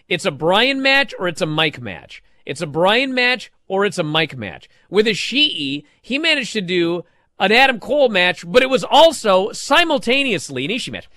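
A man on a podcast, chatting excitedly and acting out moments with shouted yells. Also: high voice, no echo, clean studio sound. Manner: animated, acts out moves with shouted yells. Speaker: podcast co-host. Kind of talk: excited wrestling podcast chat. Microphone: studio microphone, close.

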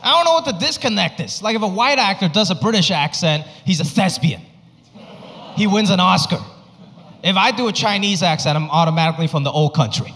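A man performing a stand-up comedy set, telling stories and acting out his bits with animated delivery. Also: high voice, fairly quick, heavy background noise. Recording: live stage recording in a reverberant hall.

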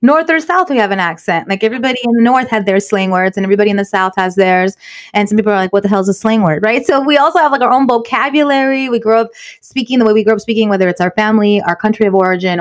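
Brisk woman co-host from California, earnest, encouraging, casual chat. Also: medium pitch. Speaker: podcast co-host.

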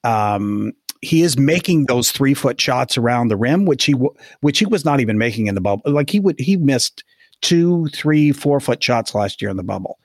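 A man co-hosts a sports chat and weighs his opinions slowly, with many restarts. His voice is dry and close to the mic. He speaks at a middle pitch. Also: lively intonation, dry recording. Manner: measured, hesitant, thinks aloud with restarts. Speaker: podcast co-host. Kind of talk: casual sports podcast chat.

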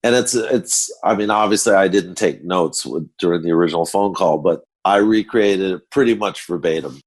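An older man, a photographer guest, telling backstage anecdotes in an animated storytelling manner. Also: sits low, moderate pace. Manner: animated storyteller acting out quotes.

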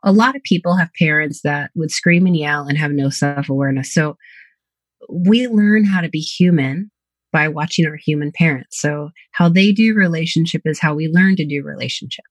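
A psychotherapist, a woman appearing as a podcast guest, talks candidly and reflectively about her own life and her clients. Her voice sits low and moves at a moderate pace, with no room sound in the recording.

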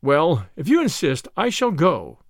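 A man's voice: on the high side, wildly swooping pitch, unhurried, no room sound, studio quality, exaggerated voice. A man doing a fussy, fluttery elderly collector. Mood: delighted. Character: fussy elderly male collector, eager and anxious.

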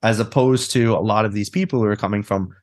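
A man's voice: fairly low pitch, steady tone, quick pace. A man talking bluntly and animatedly as a guest in a casual interview, swearing freely. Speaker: guest, therapist and mindset coach.

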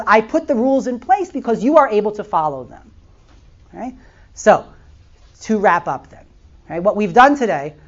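A middle-aged woman teaching a class in a very animated voice that rises and falls widely. She keeps asking her students questions and checking in as she goes. The recording is slightly muffled and lo-fi. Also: mid-range voice. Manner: animated, asks the class many questions, frequent "right?" and "okay?". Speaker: lecturer. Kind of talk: classroom lecture.

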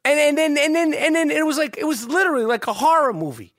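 A man hosting a podcast, talking sports in a profane, rambling, excitable way. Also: very high voice, fast talker, dry recording, studio quality. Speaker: podcast host. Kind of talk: casual sports chat.

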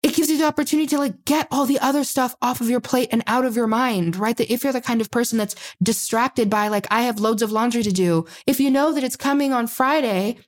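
A woman's voice: a little high, steady tone, quick pace, few pauses. A woman giving relationship advice in a casual conversation, explaining step by step and often checking in with "right?".

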